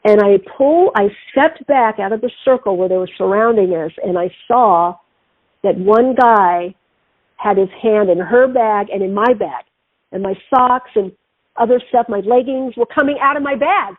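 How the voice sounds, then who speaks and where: A middle-aged woman talks through a narrow, phone-like line with a dry, close sound. Her voice is a touch high and breathy. She hosts a spiritual talk show and tells stories animatedly. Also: normal speed, no room sound. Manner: animated, acts out quoted voices. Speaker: radio show host.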